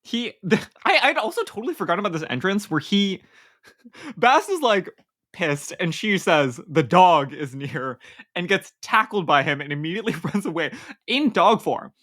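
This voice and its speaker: A woman's voice: mid-range voice, big pitch swings, moderate pace, a bit bright. A woman co-hosting a book podcast in casual chat, talking animatedly with lots of fillers and laughs, and sometimes reading passages aloud. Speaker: podcast co-host.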